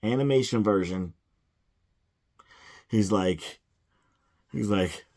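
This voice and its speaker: A man ranting casually about a movie, exasperated and sighing, often mumbling quick impressions of the characters. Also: fairly low pitch, a little mellow. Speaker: movie reviewer.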